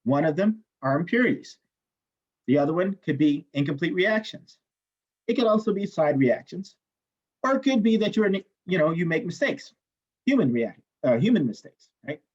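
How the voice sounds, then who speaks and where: A man teaching a chemistry class, telling a story in an animated way, swearing freely and acting out the people he quotes. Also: a little high, moderate pace, slightly rough. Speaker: chemistry instructor. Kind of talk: lecture with personal story. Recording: dull lo-fi classroom recording.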